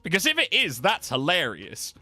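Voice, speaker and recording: A man's voice: a little high, wildly swooping pitch, normal speed, pushed and bright, dry recording, faint music behind. A British man chatting on a live stream in a playful, rambling way, often trailing off into mumbles. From Britain. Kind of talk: casual live-stream chat.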